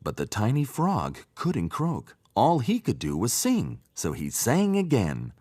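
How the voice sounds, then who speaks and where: A man narrating a children's storybook in an expressive, sing-song reading voice. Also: mid-range voice, measured pace, husky. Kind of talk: storybook read-aloud narration.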